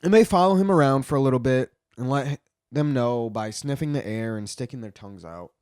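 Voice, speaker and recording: A man's voice: mid-range voice, a little fast, darkish tone, clean tone, no echo, clean studio sound. A man retelling a story in casual commentary, swearing a lot and rambling with frequent restarts.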